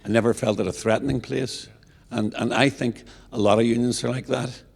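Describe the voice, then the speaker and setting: A man's voice: medium pitch, fairly even intonation, fairly quick, vocal fry, husky. A man, speaking up from the audience in an earnest, rambling way with many restarts. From Northern Ireland. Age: 70s. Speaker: audience member. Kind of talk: public Q&A remarks. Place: large lecture hall. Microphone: handheld audience microphone. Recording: long reverb of a lecture hall.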